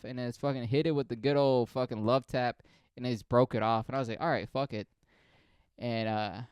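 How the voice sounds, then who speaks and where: A man's voice: mid-range voice, a little mellow, smooth, dry recording, clean studio sound. A young man from Africa telling a profane, exasperated comedic story in a casual rant.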